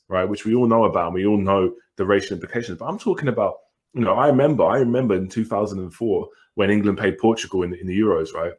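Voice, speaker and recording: Male podcast co-host, low-pitched, earnest, lays out a case step by step. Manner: earnest, builds points with "right?" checks. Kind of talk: casual conversational discussion.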